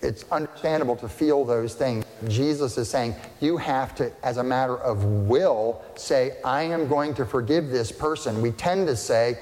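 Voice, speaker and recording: A man's voice: medium pitch, normal speed, few pauses, darkish tone. A male pastor giving a sermon in a conversational way, putting questions to the congregation and adding dry humorous asides. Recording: long reverb of a large room.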